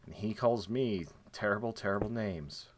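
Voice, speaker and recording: A whiny AI assistant griping about its careless owner, as a man puts it on. The voice climbs higher than his usual deep register, aggrieved and put-upon. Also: normal speed, background noise, natural voice. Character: resentful AI personal assistant.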